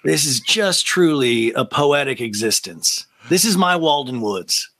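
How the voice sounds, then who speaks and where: A man guesting on a comedy podcast, riffing quickly with lots of laughter and quick impressions. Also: medium pitch, expressive, a bit bright. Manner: fast, laughing, rambling riffs with quick impressions. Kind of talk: casual comedic recap chat.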